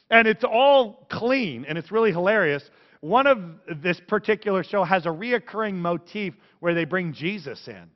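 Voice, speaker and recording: A man, a pastor, giving a casual, excitable sermon with lots of fillers while commenting on pictures and a video. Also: high-pitched. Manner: chatty and excitable, many fillers like "like". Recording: long reverb, dull lo-fi sound.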